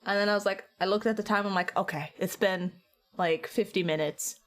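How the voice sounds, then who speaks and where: A woman's voice: mid-range voice, fairly even intonation, a little fast. A tired young woman streamer chatting with viewers, rambling through a story and acting out her own quotes. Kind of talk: casual chat with stream viewers.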